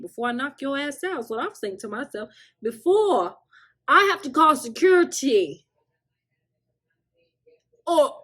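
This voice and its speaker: Husky animated woman telling a story. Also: high voice. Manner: animated, acts out quotes, laughs often. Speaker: vlogger. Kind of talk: casual storytime.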